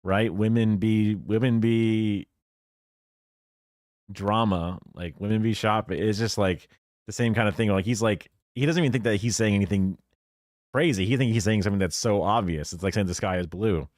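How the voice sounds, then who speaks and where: A man's voice: on the low side, fairly quick, no echo, clean studio sound. A man streaming, reacting to a clip with casual, opinionated commentary and lots of fillers. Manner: musing, opinionated, many fillers.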